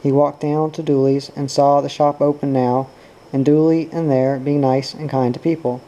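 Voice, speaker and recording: A man reads a novel aloud in a steady, unhurried manner. His voice is dark and mellow, at a middling pitch. He keeps his intonation flat and even. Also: highs cut off. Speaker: narrator. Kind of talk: audiobook reading.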